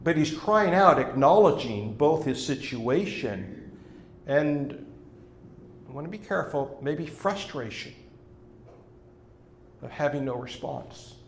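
A man's voice: a little high, lively intonation, slow, long pauses, roomy sound, a little hiss or hum. A man preaching a sermon in an earnest way, leaning hard on key words as he explains a psalm. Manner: earnest, rising to emphatic stress on key words. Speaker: pastor.

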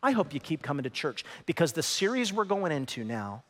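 Man pastor preaching in a big church hall, high voice jumping all over, long echo. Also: sing-song, fairly quick. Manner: preaching with dramatic pitch swings, swelling to shouts. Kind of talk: sermon. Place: church auditorium. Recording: large hall reverb.

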